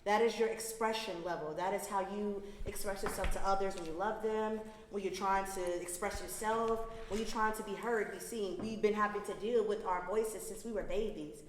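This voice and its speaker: A woman's voice: mid-range voice, fairly even intonation, moderate pace, hardly any pauses, a little hiss or hum. Earnest young woman in an echoey room. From Atlanta, Georgia. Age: 20s. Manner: earnest, explaining wellness ideas at length. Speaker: podcast guest, wellness entrepreneur. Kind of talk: casual podcast chat. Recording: echoey room with long reverb.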